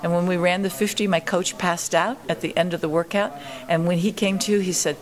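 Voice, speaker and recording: Older woman interviewee, animated storyteller, slightly low voice. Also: fairly quick. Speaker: interviewee, marathon pioneer.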